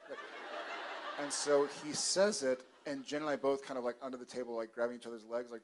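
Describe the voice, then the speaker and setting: A man on a convention panel telling a family anecdote in a soft, laid-back, understated way. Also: medium pitch, steady tone, fairly quick, background noise. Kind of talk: storytelling to an audience. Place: large convention hall with audience.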